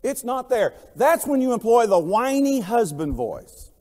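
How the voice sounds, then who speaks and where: A man preaching a sermon, telling stories and swinging between quiet, low passages and loud, emphatic lines. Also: moderate pace, long reverb tail. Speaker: pastor.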